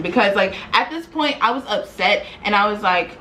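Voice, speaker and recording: A young woman vlogger retelling a story in a casual, animated, slangy way, acting out quoted dialogue. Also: medium pitch, moderate pace, hardly any pauses, a little hiss or hum, low-quality recording.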